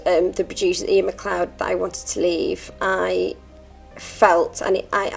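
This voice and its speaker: A woman actor, reflecting in a heartfelt, soft-spoken way during a farewell interview. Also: medium pitch, gravelly.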